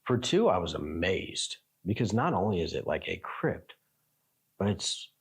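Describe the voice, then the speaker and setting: Husky, low-voiced American man chatting. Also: a little slow. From United States. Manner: rambling, restarts and laughs, animated storytelling. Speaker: travel vlogger. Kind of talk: casual reaction chat.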